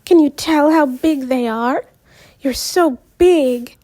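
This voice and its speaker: A woman's voice: high-pitched, slow, darkish tone, pitched above the performer's own voice. Meredith, a woman voicing a gushing teen girl. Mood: eager. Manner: gushing, eager. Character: chatty upbeat teenage girl, helpful friend.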